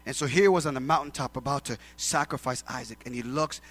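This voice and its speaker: A middle-aged man preaching a sermon as pastor, swinging from hushed tones to loud declarations and acting out the voices in his stories. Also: mid-range voice, fast talker.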